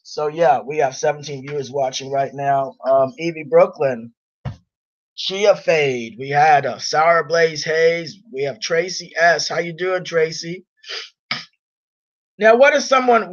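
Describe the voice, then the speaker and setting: A man's voice: a little high, slow, long pauses. A man on a live stream who talks bluntly and with irritation, reading viewer comments aloud. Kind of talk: casual live stream chat. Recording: dull lo-fi stream audio.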